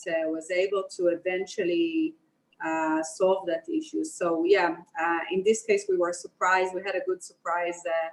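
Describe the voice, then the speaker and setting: A woman's voice: on the low side, rough recording. A woman investor on a webinar panel, speaking hesitantly with many fillers.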